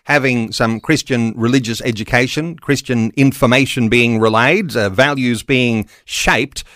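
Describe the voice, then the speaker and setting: A man, hosting a chat and asking measured, leading questions. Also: mid-range voice, fairly bright tone, dry recording, studio quality. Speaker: host. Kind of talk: casual radio chat.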